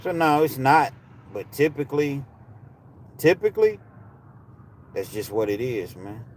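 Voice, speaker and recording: A man hosting a live stream, talking straight to his viewers in a heated, preachy way that often rises to shouting. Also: medium pitch, lively intonation, normal speed, slight background noise. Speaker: livestream host.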